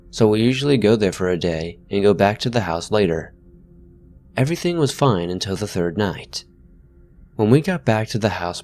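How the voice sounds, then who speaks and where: A man reading first-person horror stories aloud as scripted narration, at a steady pace. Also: fairly low pitch.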